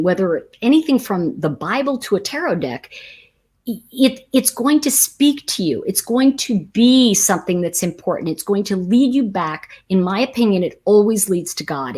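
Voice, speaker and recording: A woman's voice: medium pitch, a little mellow, breathy edge. A middle-aged woman hosting a live tarot chat, teaching casually and telling stories while reading viewer comments. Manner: chatty, storytelling, reads viewer comments aloud. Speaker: tarot teacher and livestream host.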